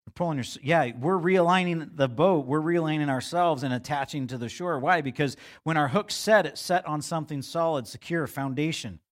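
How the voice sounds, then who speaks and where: A middle-aged male pastor giving a conversational sermon, acting out quotes in a livelier voice. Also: moderate pace. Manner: conversational preaching, acts out God's voice with rising pitch.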